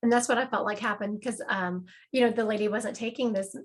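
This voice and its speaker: A woman's voice: medium pitch, steady tone, fairly quick. A woman hosting an interview podcast, talking in a chatty, emphatic way about her work as a medium. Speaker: podcast host, psychic medium. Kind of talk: casual interview talk.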